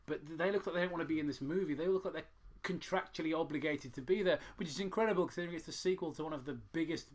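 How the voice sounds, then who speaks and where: A man's voice: a little high, rapid-fire. A man hosting a casual film commentary, sweary, rambling and sarcastic. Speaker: commentary host.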